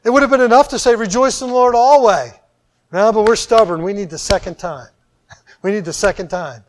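A man preaching a sermon, animated, with loud emphatic phrases that drop into quiet, drawn-out endings. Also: high voice.

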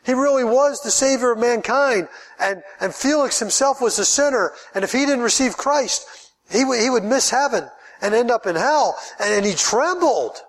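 A man's voice: extremely high pitch, expressive, normal speed. A man, a pastor, preaching a sermon in an earnest way, often repeating words as he builds his point.

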